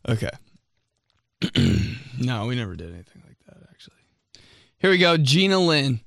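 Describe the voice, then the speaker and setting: A man's voice: mid-range voice, sing-song, a little slow, vocal fry, fairly bright tone, dry recording, studio quality. A man hosting a comedy show, reading out listener stories in a casual, joking way. He laughs often and slips into mocking voices.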